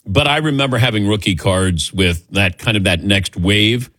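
A man's voice: lowish voice, moderate pace, a bit bright, dry recording. A man in his sixties hosting a call-in sports radio show, chatty and laughing easily as he tells stories. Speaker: radio sports talk host.

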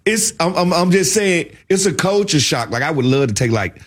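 A man with a Southern US accent, chatting on a talk show as an animated, playful storyteller. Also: on the high side, normal speed, slightly rough. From American South. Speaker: show co-host. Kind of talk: casual chat.

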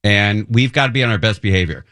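A middle-aged man hosting a talk radio show, telling a rambling, self-deprecating story in an animated way. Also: lowish voice, fast talker, dry recording, clean studio sound. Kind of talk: casual monologue storytelling. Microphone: studio microphone.

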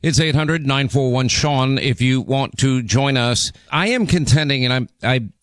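Talk radio host, man in his sixties, laryngitis-hoarse, emphatic rambling delivery, dry studio sound. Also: medium pitch, a little slow, fairly bright tone, no echo. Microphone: studio microphone.

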